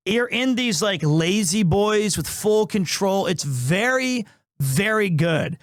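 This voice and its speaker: A man streaming live, chatting casually with his viewers and telling animated stories peppered with Japanese phrases. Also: sits high, slow pace, no room sound, clean studio sound.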